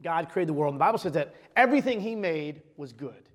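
High-voiced pastor preaching in a hall. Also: male voice, expressive, fast talker. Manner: emphatic, restarts phrases, reads scripture aloud. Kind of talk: sermon.

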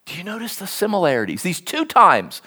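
Preacher for a sermon read, very lively pitch that leaps up and down, animated storyteller. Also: fairly quick. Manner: animated storytelling, acts out quoted speech.

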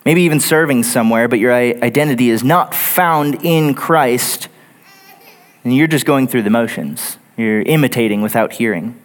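A man's voice: medium pitch, normal speed. A man preaching a sermon in a church, earnest and building his points through lists and repetition. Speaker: pastor. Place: church sanctuary.

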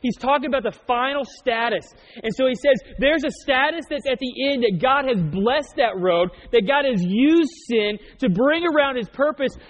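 A man's voice: extremely high pitch, expressive, normal speed, hardly any pauses. A man preaching a sermon as pastor, joking and telling stories in a conversational way. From Oklahoma. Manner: conversational storytelling with jokes. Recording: muffled sound in a reverberant hall.

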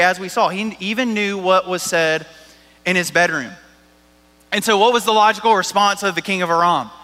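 A man's voice: high voice, moderate pace, pushed and bright, in a large hall. A man preaching a sermon as a pastor, talking in a casual, joking way with lots of "like" and "right?".

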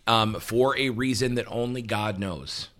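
A man co-hosting a relaxed talk show, explaining points patiently and checking in with "right?" between them. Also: lowish voice, unhurried. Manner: relaxed, with frequent "um" and restarts, laughs easily. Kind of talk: casual teaching conversation.

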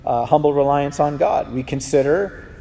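A man preaching a sermon as pastor, in a conversational, animated way with frequent restarts. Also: fairly high pitch, normal speed. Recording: long reverb of a large hall.

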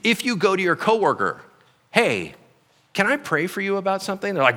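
A man's voice: fairly high pitch, normal speed, long reverb tail. A man preaching a sermon as pastor, acting out quotes in voices. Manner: animated, acts out quotes and voices. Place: church hall.

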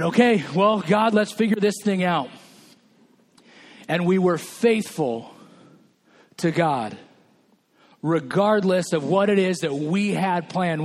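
A male pastor from California preaching a sermon, telling a personal story with quoted dialogue. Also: high-pitched.

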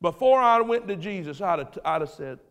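A male preacher delivering a dramatic sermon, swinging between hushed storytelling and loud shouts, recorded in a church sanctuary. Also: high voice, expressive, fairly quick. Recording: reverberant church hall.

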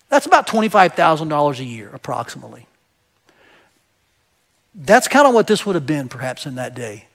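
A male pastor with a notably high-pitched voice delivers a sermon in a relaxed, conversational way. He talks directly to his church and makes his points with everyday examples. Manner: conversational, asks the congregation "right?"; explains with everyday examples and some hesitations.

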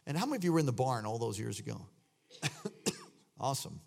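A man preaching a sermon as pastor, telling a story that swings from hushed tones to loud shouting. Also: mid-range voice, big pitch swings, fast talker, creaky.

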